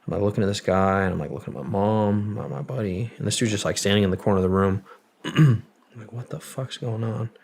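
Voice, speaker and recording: A man's voice: on the low side, fast talker, creaky, darkish tone. A young man, a military veteran and podcast guest, telling a story in a loose, profane way, full of "like" fillers. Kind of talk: casual storytelling.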